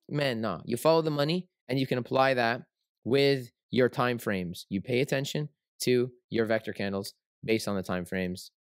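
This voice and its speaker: A man's voice: medium pitch, no room sound, clean studio sound. A man hosting a trading livestream, teaching in a casual, rambling way with lots of fillers and tag questions.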